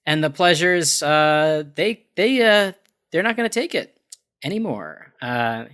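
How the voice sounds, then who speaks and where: A man's voice: high voice, animated, measured pace, fairly bright tone. A man co-hosting a podcast, recapping a comic in a wry, filler-heavy way. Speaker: podcast co-host.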